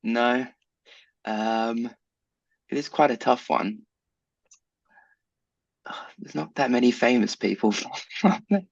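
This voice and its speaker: A relaxed man co-hosting a podcast, talking in easy, teasing banter. His voice sits mid-range, and the sound is dry and a little dull, like a lo-fi home recording. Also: medium pitch, slow, creaky, long pauses, dry recording. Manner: laid-back, playful, teasing. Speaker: podcast co-host. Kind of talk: casual chat.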